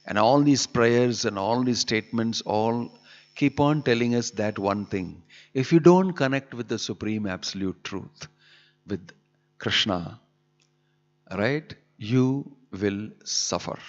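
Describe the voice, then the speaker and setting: Speaking slowly in a mid-range voice, a man preaches forcefully on scripture inside a temple hall, driving home his arguments with rhetorical questions. The recording is dull and lo-fi, with a long reverb from the hall.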